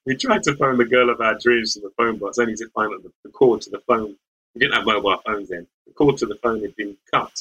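A lawyer appearing as a podcast guest reminisces in a reflective interview, his bright, husky voice pitched fairly low and his pace brisk. He's from the English West Midlands and sounds thoughtful and searching, often restarting and laughing lightly. The audio quality is poor.

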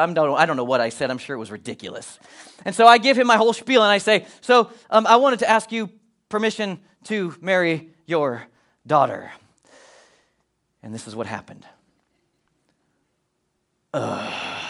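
High-voiced man telling a funny story. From Colorado, US. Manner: animated, self-deprecating, joking asides to the audience. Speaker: speaker addressing an audience. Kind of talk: humorous personal storytelling talk.

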